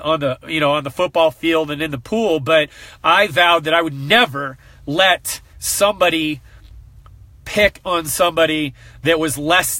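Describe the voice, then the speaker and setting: A man's voice: fairly high pitch, sharp tone, no room sound. A man who works as a coach, giving a heartfelt personal talk to a group, earnest and emotional, fighting back tears.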